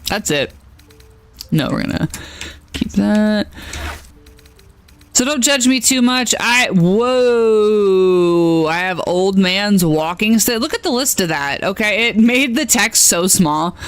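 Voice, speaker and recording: Chatty woman streamer with a lively voice. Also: medium pitch, slow pace, long pauses, clean tone, soft background music. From United States. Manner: chatty, rambling asides, laughs often. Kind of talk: casual chat while playing a video game.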